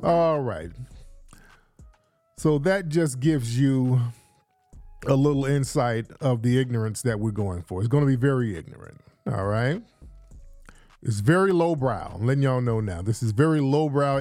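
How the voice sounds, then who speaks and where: A man's voice: medium pitch, a little mellow, no room sound. A man hosting a casual livestream, hyping up his audience with repeated call-outs and loose, chatty talk. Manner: hyped, repetitive, addressing the audience. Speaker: livestream host. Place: indoors, rainy day.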